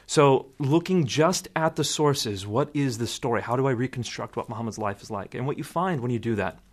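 A man, a guest in an interview, explaining in a measured way and quoting sources at length. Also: medium pitch. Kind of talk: interview answer.

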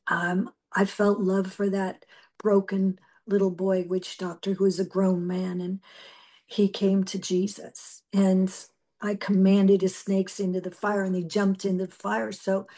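Speaking in a mid-range voice with a dark tone, a middle-aged female preacher recounts her testimony with deep emotion and sincerity, often stopping and starting over.

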